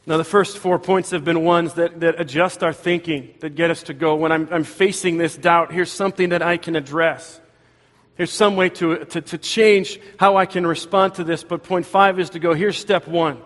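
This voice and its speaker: A man's voice: a little high, fairly even intonation, moderate pace, a bit bright, big-room sound. A man preaching a sermon as pastor, earnest and conversational, speaking in a church sanctuary.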